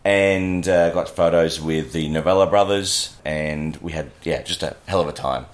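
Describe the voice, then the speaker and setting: A man's voice: low-pitched, fairly even intonation, normal speed. A man from Australia chatting enthusiastically as a podcast guest. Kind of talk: casual chat.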